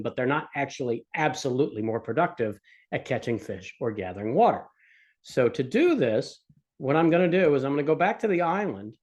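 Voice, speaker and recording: A man's voice: mid-range voice, darkish tone. A man teaching economics in a recorded lecture, explaining with a casual, joking storytelling manner. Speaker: economics instructor.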